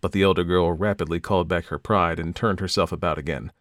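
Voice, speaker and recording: A man narrating a classic story in a measured, even storytelling manner. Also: low-pitched, no echo, clean studio sound. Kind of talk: audiobook reading of classic fiction.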